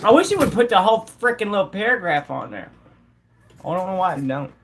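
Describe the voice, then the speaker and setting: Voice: mid-range voice, very animated, fairly quick, background noise. Laid-back, slangy live streamer. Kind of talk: casual live-stream chat.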